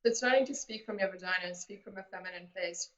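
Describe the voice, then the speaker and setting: Bright-voiced woman coaching in an echoey room. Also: medium pitch, fast talker. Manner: earnest, explanatory. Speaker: relationship coach. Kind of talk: casual interview advice.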